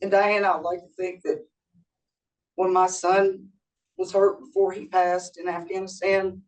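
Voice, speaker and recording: A woman giving heartfelt, measured thanks as a guest speaker. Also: fairly low pitch, little pitch movement. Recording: distant mic.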